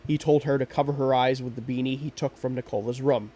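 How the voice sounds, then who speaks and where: Man, podcast host, true crime narration, measured and steady, mid-pitched voice. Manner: steady, measured storytelling with quoted lines.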